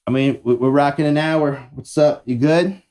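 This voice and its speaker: A young man co-hosting a casual podcast in a mellow, warm voice. He speaks loose slang and swears freely. He hunts for words out loud as he talks. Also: a little high, steady tone, moderate pace. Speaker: podcast co-host. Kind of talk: casual chat.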